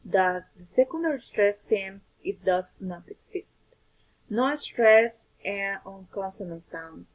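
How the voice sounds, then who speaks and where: Breathy woman reading a lesson. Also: medium pitch, lively intonation, poor audio. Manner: careful, slightly halting delivery with self-corrections. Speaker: student presenter.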